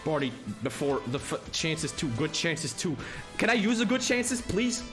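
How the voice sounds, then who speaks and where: A man's voice: on the high side, very animated, normal speed, music in the background. Flustered young man streaming games. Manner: flustered, swears often, reads game text aloud. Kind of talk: live gameplay commentary.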